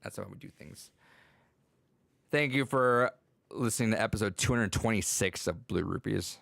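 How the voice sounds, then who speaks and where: A man's voice: lowish voice, moderate pace, vocal fry, a bit bright, dry recording. A man hosting a casual podcast, telling rambling classroom stories as a teacher, laughing often and using many fillers. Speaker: podcast host and school teacher.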